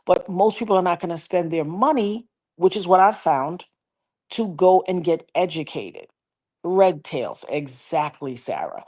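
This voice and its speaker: A woman livestreaming, casually telling a personal story and reading viewer comments in an animated, folksy way. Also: fairly low pitch, unhurried. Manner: animated, folksy, slips into quoted voices.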